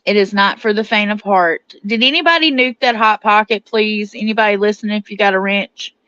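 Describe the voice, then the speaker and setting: A woman's voice: medium pitch, fairly quick, pushed and bright, clear, resonant tone, no echo. Chatty woman host reading her chat. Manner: chatty, reads viewer comments aloud and answers them. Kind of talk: casual livestream chat. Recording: dull, slightly lo-fi sound.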